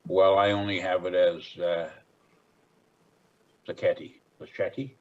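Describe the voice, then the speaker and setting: Brief: male hearing officer, fairly low voice, folksy and measured, lo-fi call audio. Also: little pitch movement. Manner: plain-spoken, folksy, measured. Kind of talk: presiding over a hearing.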